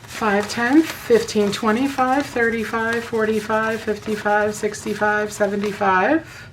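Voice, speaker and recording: A woman with a hoarse voice that sounds a little sick, chatting casually to her viewers and counting cash aloud in quick runs. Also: mid-range voice, flat delivery, a little hiss or hum, low-quality recording. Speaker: budgeting vlogger. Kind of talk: casual friendly chat to camera.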